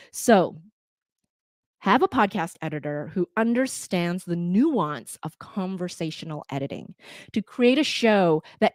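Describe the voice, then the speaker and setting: A woman's voice: fairly low pitch, no room sound. Chatty North American woman, dry sound. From Canada. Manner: lively, conversational, uses fillers. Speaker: podcast editor. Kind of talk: talk to listeners.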